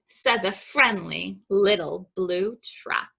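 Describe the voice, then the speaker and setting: Slow, bright-voiced woman reading a picture book. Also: medium pitch, creaky, husky. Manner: expressive, animated, rhythmic, chatty asides to kids. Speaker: children's librarian. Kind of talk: story-time read-aloud for children. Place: library program.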